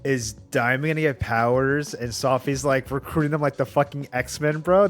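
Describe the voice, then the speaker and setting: Profane, excitable man reacting to a game. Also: mid-range voice, normal speed. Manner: excitable, profane, uses bro and dude. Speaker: gaming streamer. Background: game music.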